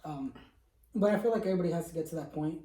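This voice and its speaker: A man's voice: on the high side, racing, mellow. Rambling young man, distant roomy sound. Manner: rambling with many fillers, laughs often. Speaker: friend in group chat. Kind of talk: casual chat among friends.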